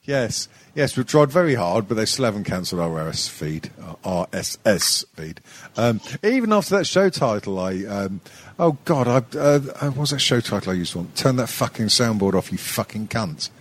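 Rambling man, lively low voice. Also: moderate pace. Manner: rambling, hesitant, crude, lots of fillers. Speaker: podcast host. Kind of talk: casual chat.

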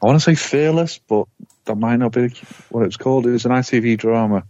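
A man's voice: medium pitch, fairly quick, mellow, dry recording, lo-fi sound. A man chatting casually on a podcast, laid-back and dry, sometimes swearing. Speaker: podcast co-host. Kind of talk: casual chat.

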